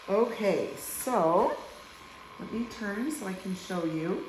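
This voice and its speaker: A woman hairstylist talks through a casual haircut lesson, slipping into coos and baby talk for the little one in her chair. Her pitch swoops up and down while she keeps an easy, unhurried pace. The room adds a noticeable echo, with faint ambience behind her. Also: animated, a little mellow, a little hiss or hum.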